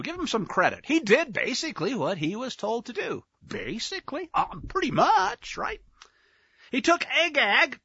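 A man's voice: very high voice, pushed and bright, no room sound, highs cut off. A man teaching scripture casually, with wry, chatty asides and acted-out dialogue. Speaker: Bible teacher.

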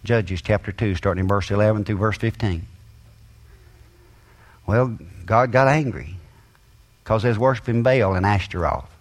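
A man's voice: lowish voice, normal speed, long pauses. Man preaching with rising emphasis. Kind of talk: sermon.

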